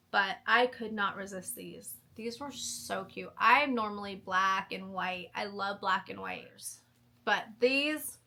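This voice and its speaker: Woman, fifties, slow unhurried pace, casual haul vlog, gushing and enthusiastic. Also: medium pitch, pushed and bright. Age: 50s. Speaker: vlogger showing a shopping haul. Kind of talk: casual show-and-tell chat.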